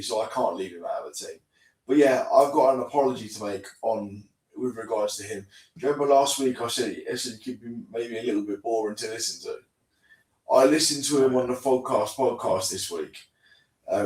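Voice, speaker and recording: A man's voice: lowish voice, fairly quick, darkish tone. Chatty English football podcast man. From England. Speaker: podcast co-host. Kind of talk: casual football chat. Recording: roomy, slightly distant mic.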